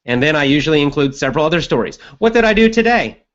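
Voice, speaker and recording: A man hosting a live show, answering viewer questions in an energetic coaching tone with occasional laughs. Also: on the high side, fast, dull audio. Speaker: host.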